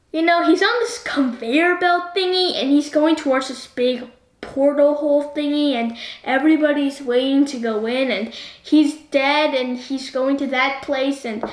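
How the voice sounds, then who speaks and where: A high, bright-pitched woman talks through a movie review, tossing question after question at her viewers. The room around her rings with a noticeable echo. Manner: keeps asking the viewer questions, animated. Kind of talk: chatty video review. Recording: roomy echo.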